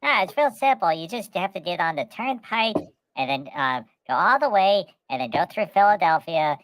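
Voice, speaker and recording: A woman with a lowish voice spins a rambling comic travel tale, looping on repeated words and calling herself by name. Her voice sounds dry and close. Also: very animated, normal speed, dry recording. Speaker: podcast host.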